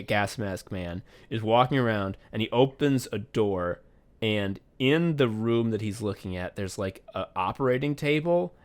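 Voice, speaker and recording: Laughing, animated male podcast host. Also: fairly low pitch. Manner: animated, laughing storyteller, swears freely. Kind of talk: casual chat.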